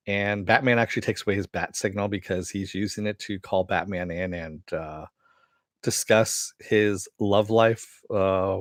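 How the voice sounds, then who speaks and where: A man's voice: fairly low pitch, dry recording. Guy rambling thru a cartoon review, lotta laughs and cussing, dry close sound. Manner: rambling, laughing often, swearing. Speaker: TV episode reviewer. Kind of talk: casual spoken review.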